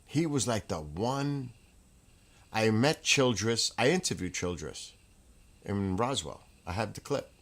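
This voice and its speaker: A man hosting his own livestream from a room at home, telling casual, rambling stories in an excitable way, with restarts and laughs. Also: fairly low pitch, a little slow. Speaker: livestream host.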